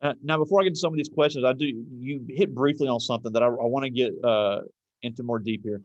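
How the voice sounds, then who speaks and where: A man's voice: mid-range voice, steady tone, quick pace, no room sound, lo-fi sound. A man interviewing a guest at a school, earnest and searching for his words with fillers. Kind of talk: casual interview.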